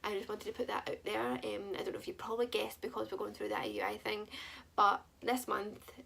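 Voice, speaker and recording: Gravelly-voiced young woman vlogging. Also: medium pitch, little pitch movement, a little fast, a bit bright. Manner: chatty, rambling, candid. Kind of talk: casual personal vlog.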